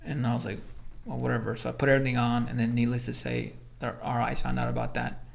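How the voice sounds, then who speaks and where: A man from Los Angeles, a former Army Ranger, telling stories as a podcast guest, animated, swearing, acting out quotes. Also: mid-range voice, fast, vocal fry. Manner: animated storyteller, acts out quotes, swears, many fillers. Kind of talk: casual storytelling in interview.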